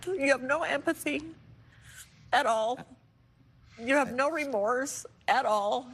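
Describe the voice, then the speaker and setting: Woman, talk show guest, aggrieved and exasperated, high voice. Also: takes it slowly, a bit bright, husky. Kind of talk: emotional confrontation.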